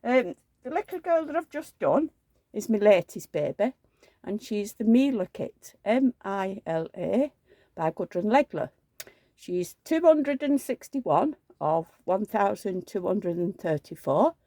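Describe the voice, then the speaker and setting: A woman's voice: mid-range voice, very animated, measured pace, mellow, no room sound. A woman, rambling through homely anecdotes in a chatty vlog and acting out the dialogue. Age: 70s. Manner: rambling anecdotal storytelling, acts out quoted dialogue. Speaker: reborn doll collector.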